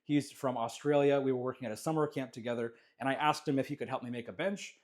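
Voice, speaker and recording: A man's voice: medium pitch, quick pace. A man from Canada walks through his small home jewellery workshop and talks as he goes. His voice sits in an everyday middle range. He rambles, restarts and fills the gaps with "uh" and "um". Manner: relaxed, rambling, many fillers and restarts. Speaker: jewellery maker giving a studio tour. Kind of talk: casual walkthrough vlog.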